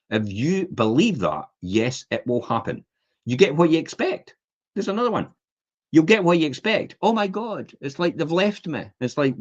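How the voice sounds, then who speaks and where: A man hosts a casual podcast chat, slipping into voices as he tells stories. His voice is slightly husky and moves a lot in pitch. The audio is dull and lo-fi. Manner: animated storyteller acting out voices in anecdotes. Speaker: podcast host.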